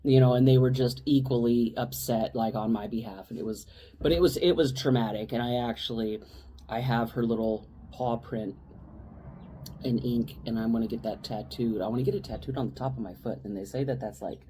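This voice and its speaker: A woman's voice: extremely low pitch, steady tone, brisk, mellow, slight background noise. A woman co-hosting a podcast, telling a personal story in casual chat and rambling with restarts and asides. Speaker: podcast co-host.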